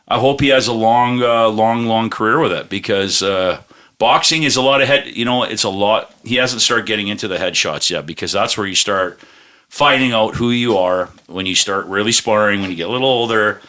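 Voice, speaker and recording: A man's voice: fairly low pitch, a little fast, pushed and bright. A man co-hosting a podcast, telling rambling stories with lots of swearing and laughter. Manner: rambling storyteller, swears, laughs a lot, acts out quotes. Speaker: podcast co-host. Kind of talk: casual chat.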